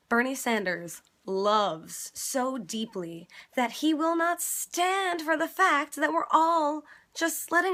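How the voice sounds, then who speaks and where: A woman's voice: high voice, a bit bright. A woman comedian talking in a casual vlog from her bedroom, chatty and swearing freely, building up to passionate emphasis. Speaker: comedian vlogger. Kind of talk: casual bedtime vlog monologue.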